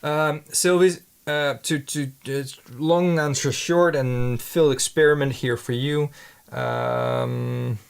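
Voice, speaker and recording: Gravelly man rambling through studio chat. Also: medium pitch, lively intonation, slow pace. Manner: rambling and hesitant, many restarts. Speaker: handmade paint maker. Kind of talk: casual thinking-aloud studio chat. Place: home paint studio.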